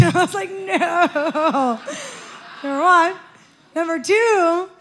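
A woman with a high voice delivers a sermon in a church. She tells her story with lively feeling and often breaks into laughter as she speaks. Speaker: preacher.

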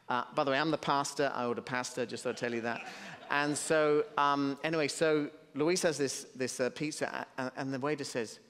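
A man's voice: fairly high pitch, fairly bright tone. A British man in his fifties, a pastor preaching a sermon in a conversational way with humorous asides, on a stage microphone. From Britain. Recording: long hall reverb.

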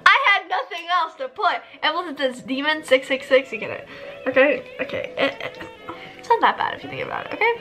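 A young woman vlogger giving excitable, casual commentary over gameplay, often squealing and laughing. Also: sits high, brisk, faint music behind, rough recording. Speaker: gaming vlogger.

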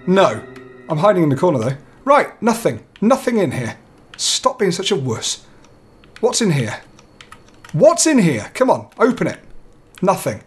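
A young let's play gamer with a high-sitting voice, big pitch swings and normal speed plays a horror game. Jittery, he nervously talks himself through his fear and swears now and then.

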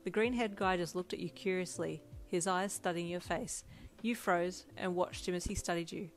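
A woman's voice: fairly low pitch, normal speed, soft background music. Woman narrating a second-person fanfic. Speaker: fanfic reader.

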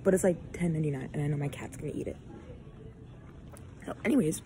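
A woman's voice: sits low, fast talker, background noise. Chatty woman vlogger, often whispering. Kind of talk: casual vlog chat. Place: outdoors by a pond.

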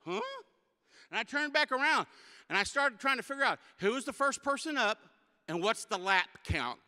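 Bright, high-voiced comic preacher. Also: male voice, normal speed. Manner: animated, comic storyteller. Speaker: guest speaker. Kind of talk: humorous sermon storytelling. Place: church sanctuary. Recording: long church hall reverb.

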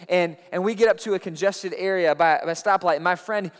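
High-voiced man preaching in a reverberant hall. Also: a little fast. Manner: animated, rises loud when acting out the story. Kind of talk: sermon storytelling. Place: church auditorium.

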